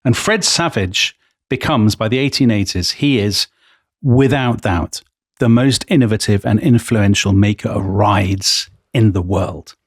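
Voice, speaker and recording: An Englishman co-hosts a casual history podcast, spinning stories with enthusiasm and plenty of asides. His voice is lowish and unhurried with a breathy edge. The recording is dry and studio quality.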